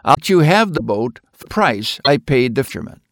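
A man's voice: medium pitch, very animated, fairly quick, a bit bright, no room sound, studio quality. A man voicing a generous storekeeper who speaks kindly to a boy in a story. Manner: calls the boy "laddie", friendly and expansive.

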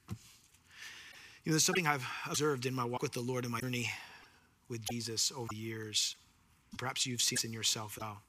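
A man preaching a sermon, animated and earnest, acting out scenes and slowing down for scripture. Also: mid-range voice, breathy edge.

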